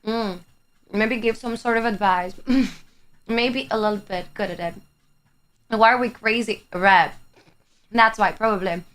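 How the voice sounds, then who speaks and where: Her voice is medium-pitched and fairly bright, and she speaks at a measured pace with frequent pauses. She is a young Greek woman, a native Greek speaker, chatting with her stream's live chat, talkative, quick to laugh, and casual with swearing, over faint background music.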